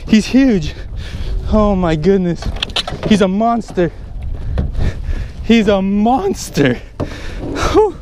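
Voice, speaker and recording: Excitable male fishing vlogger, high lively voice with big swoops, slow drawn-out delivery, faint boat noise behind. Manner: excitable, exclaiming, breathless. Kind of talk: excited fishing vlog narration. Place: on a small boat at sea, outdoors.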